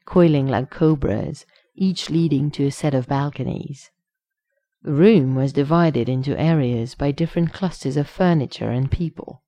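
A woman reading a story aloud as narrator, expressive and close to the microphone. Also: low voice, dry recording. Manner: expressive, reads punctuation aloud. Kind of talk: audiobook reading of fan fiction.

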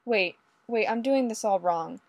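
A woman voicing a jittery young male undercover cop who talks in a halting, nervous way. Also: medium pitch, a little mellow, no echo. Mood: flustered.

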